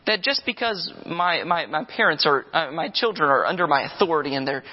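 A man's voice: on the high side, lively intonation, a little fast. A man preaching a sermon, emphatic and repetitive, telling vivid stories to make his point. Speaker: pastor. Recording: dull sound with long reverb.

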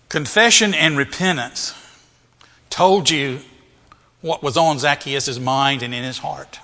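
A man's voice: medium pitch, expressive, slow pace, long pauses, pushed and bright. A male pastor preaching a sermon, asking rhetorical questions and repeating phrases for emphasis, in a church. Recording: reverberant hall.

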